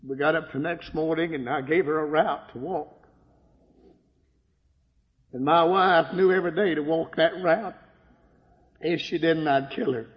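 A man from Michigan delivers a sermon testimony about his life in a church sanctuary. His slightly high voice has fairly even intonation, and he is unhurried, pausing often, yet he quotes dialogue and rises to emotional cries at the peaks. The sound is dull and lo-fi, echoing in a reverberant hall.

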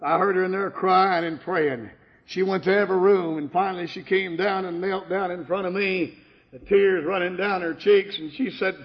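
A man preaching a folksy testimony sermon and telling his story, breaking into sudden shouts. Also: sits high, normal speed. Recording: echoey hall, dull lo-fi sound.

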